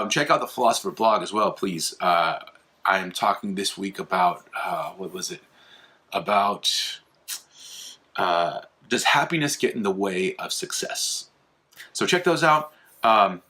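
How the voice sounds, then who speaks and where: Bright-voiced man rambling through a casual talk. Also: lowish voice. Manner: rambling, many fillers and restarts, animated retelling. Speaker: host of an apologetics video channel. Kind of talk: casual explainer monologue.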